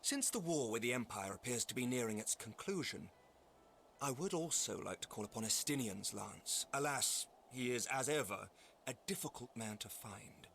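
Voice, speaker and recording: A man voicing an earnest, formal nobleman who leads a holy city, speaking in measured, courtly phrases. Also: medium pitch, animated, creaky, fairly bright tone, slight background noise. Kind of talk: formal game dialogue. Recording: game audio with faint music. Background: faint game music.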